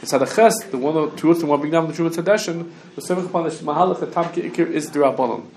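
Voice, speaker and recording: A man teaching a Talmud class to students, talking quickly and restarting often, with Hebrew and Yiddish terms mixed in. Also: on the high side, darkish tone. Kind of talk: casual Talmud study lesson. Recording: echoey room with faint background noise.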